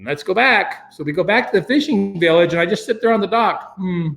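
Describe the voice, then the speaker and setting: An American man casually telling a long story, acting out his own thoughts in a rambling, animated way. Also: quick pace, gravelly. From United States. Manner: animated, acts out his own past thoughts with sudden jumps in pitch; rambling, with many fillers and restarts.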